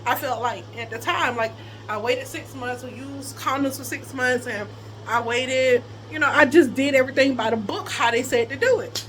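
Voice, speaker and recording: A young woman telling a personal story to her viewers in a casual, animated way, often laughing and quoting people. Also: high-pitched, normal speed, a little hiss or hum.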